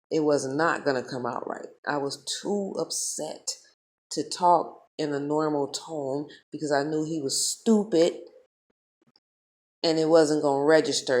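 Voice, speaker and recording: A low-pitched woman tells a story straight to her audience. She talks in a heated, profane and animated way, in the loose flow of a casual vlog. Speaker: vlogger.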